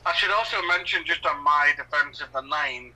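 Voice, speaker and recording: A man's voice: a little high, normal speed, bright, forceful tone, far from the mic, a little hiss or hum, poor audio. A man with a Northeast English accent, co-hosting a casual film commentary podcast and rambling with lots of fillers and firm opinions. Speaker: podcast co-host.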